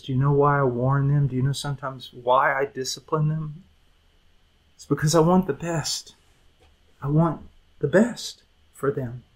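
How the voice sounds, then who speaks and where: Husky earnest male preacher, pleading. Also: a little high, poor audio. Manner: earnest, pleading, swings between urgent emphasis and quiet intensity. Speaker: preacher teaching a Bible lesson. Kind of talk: sermon.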